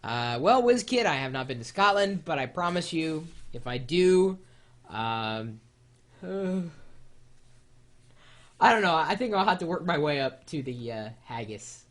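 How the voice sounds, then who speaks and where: An American vlog host with a lively, swooping voice that rises and falls through every sentence. The talk is loose and rambling, full of jokey asides and easy fillers, pitched in the middle of the range. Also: unhurried. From United States. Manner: animated, rambling, joking asides. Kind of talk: casual video blog chat.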